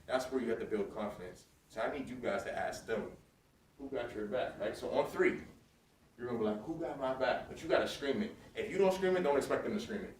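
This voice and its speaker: Leading loud call-and-response chants, a guest speaker gives a motivational assembly speech to students in a big school hall, talking fast in a medium pitch and energizing the crowd. The mic is far away, leaving the recording echoey and faintly noisy.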